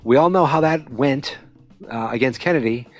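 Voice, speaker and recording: Over faint background music, a man with a mid-range voice hosts a podcast, speaking at normal speed. He runs through a TV episode casually and sarcastically, with lots of fillers and imitated voices.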